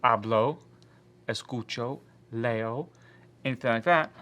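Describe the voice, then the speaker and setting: A man's voice: mid-range voice, expressive, measured pace, long pauses, sharp tone. A man teaching a Spanish grammar lesson to his class, explaining patiently and voicing the objections students might raise.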